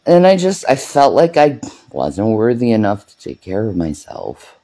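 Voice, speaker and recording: A woman's voice: extremely low pitch, very animated, normal speed, warm tone, low-quality recording. A woman hosting her own vlog, chatting casually, swearing freely and laughing often. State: out of breath. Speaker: vlog host. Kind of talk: casual chat.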